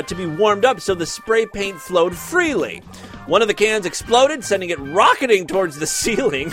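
High, lively sarcastic male host. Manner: sarcastic asides, exaggerated reading. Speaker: comedy news host. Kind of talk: comedic news reading with commentary.

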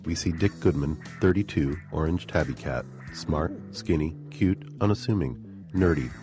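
A man reading a scripted audio story, flatly reading out stage directions. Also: very deep voice, moderate pace. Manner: flat, reads stage directions. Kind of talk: scripted narration. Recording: guitar music behind.

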